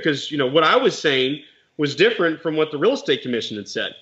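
A man's voice: fairly high pitch, lively intonation, brisk, fairly bright tone, muffled recording. A man, a real estate investor and mentor, telling a story in casual chat and explaining legal points plainly with animation.

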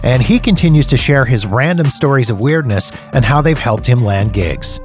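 A man's voice: medium pitch, expressive, normal speed, soft background music. A man hosting a podcast, reading an upbeat teaser for the next segment. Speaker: podcast host. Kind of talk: podcast intro and reactions.

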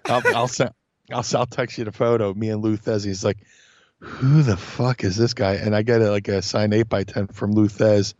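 A man's voice: fairly low pitch, brisk, dry recording. A man guest in casual chat, telling stories with lots of swearing and acting out other people's voices. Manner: animated, swears a lot, acts out voices in stories. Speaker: podcast guest. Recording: dull lo-fi sound.

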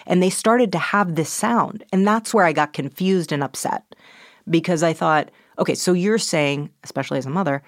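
A middle-aged woman author in a conversational interview, talking quickly and animatedly, dropping into quick voice impressions. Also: sits low, dry recording, clean studio sound.

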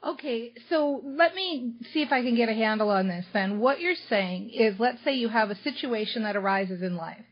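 A woman's voice: fairly high pitch, expressive, moderate pace, few pauses, slightly rough, lo-fi sound. A woman hosting a podcast interview, friendly, paraphrasing her guest and asking follow-up questions. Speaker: podcast host.

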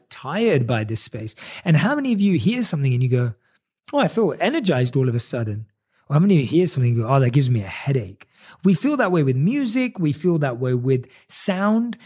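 Warm-toned man giving earnest life advice. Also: fairly high pitch. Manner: earnest, repetitive, slows down to stress key words. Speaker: self-help speaker. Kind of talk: motivational monologue to camera.

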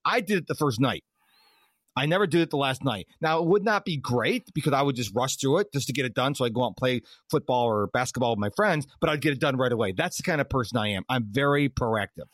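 Animated man telling stories on a podcast. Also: mid-range voice, fast, dry recording. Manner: animated storyteller who acts out quoted dialogue. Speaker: podcast host. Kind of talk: casual podcast conversation.

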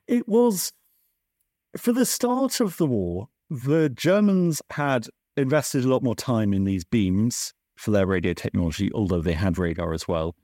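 A man, a science writer, tells wartime history in a podcast chat. His voice is mellow and warm yet very animated, rising and falling as he restarts and corrects himself. The sound is close and dry. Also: unhurried, no room sound. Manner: animated storyteller, lively pitch swings, self-correcting restarts. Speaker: science journalist and author, guest. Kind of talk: conversational podcast interview.

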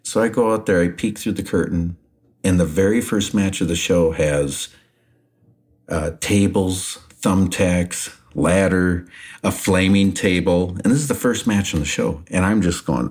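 A man co-hosting a podcast, telling a backstage anecdote in a casual, animated way and laughing often. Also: low voice, unhurried. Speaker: podcast co-host, retired wrestler. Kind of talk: casual storytelling.

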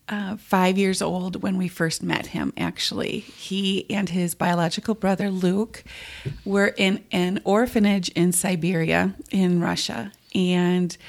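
Tender, gravelly-voiced woman telling memories. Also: lowish voice. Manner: tender, reflective storytelling with many pauses. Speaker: guest. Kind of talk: interview conversation.

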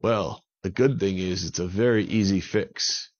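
A man voicing a wise male volcano spirit who explains a cure in a slow, calm, instructive way. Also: low voice. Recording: dull lo-fi recording.

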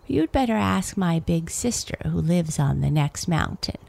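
A woman's voice: lowish voice, sing-song, measured pace, creaky, mellow, heavily acted. A woman voicing a kindly old mountain hag in a storybook reading.

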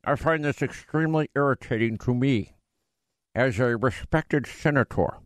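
A man doing a comic impression of a slow, pompous, self-pitying older male senator on talk radio. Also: medium pitch, no room sound, studio quality, voice pushed down, lightly acted. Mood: indignant. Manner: drawling, fussy, self-pitying.

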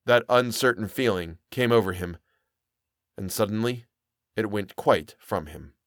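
A man narrating a horror story as a podcast host, measured and expressive. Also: fairly low pitch, no echo, studio quality.

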